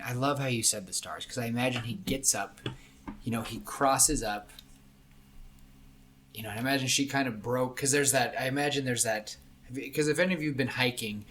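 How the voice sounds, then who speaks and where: A young man talks through a story idea on a podcast, rambling and jumping into characters' voices. His tone is bright and forward. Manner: rambling, acts out characters' lines while pitching a story. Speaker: podcast co-host. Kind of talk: casual brainstorming chat.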